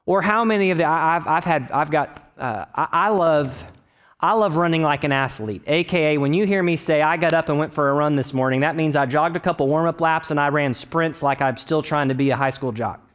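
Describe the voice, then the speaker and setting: A man in his thirties from Texas preaching a sermon, conversational with personal stories, rising to loud emphatic bursts and dropping to quiet low asides. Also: a little fast, smooth. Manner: conversational, with restarts and personal anecdotes. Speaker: pastor.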